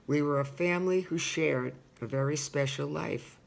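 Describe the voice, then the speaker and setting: A woman's voice: sits low, normal speed, vocal fry. An older woman reading her personal memoir aloud, stopping for casual asides to the listener and marking each bit of dialogue by saying quote and end quote.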